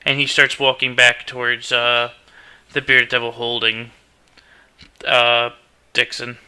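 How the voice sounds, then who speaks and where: A man narrating a tabletop game as game master, unhurried and loose. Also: medium pitch, monotone, bright, forceful tone, clear, resonant tone. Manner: unhurried narration with restarts and fillers.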